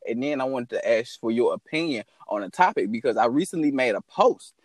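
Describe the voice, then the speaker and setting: A man's voice: mid-range voice, expressive, brisk, no echo. A man from St. Louis hosting his podcast in casual chat, loose, profane and slangy. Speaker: podcast host. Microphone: phone call recording.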